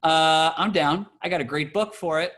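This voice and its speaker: A man's voice: fairly high pitch, moderate pace, a bit bright. A man teaching a cantor's class on a video call, chatty and playful, slipping into chant.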